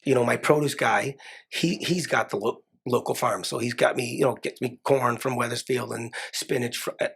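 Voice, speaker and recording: Gravelly-voiced chef, easygoing and plainspoken. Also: male voice, mid-range voice, moderate pace, fairly bright tone. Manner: affirming, repeats "yeah" and restarts often. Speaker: chef and restaurant owner. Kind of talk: casual interview conversation. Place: podcast studio.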